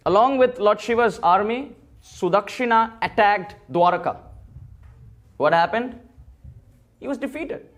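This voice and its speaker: A man's voice: high-pitched, lively intonation, unhurried, pauses often. A man giving a temple sermon, telling a sacred story and acting out the dialogue of its figures. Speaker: temple speaker. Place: temple hall.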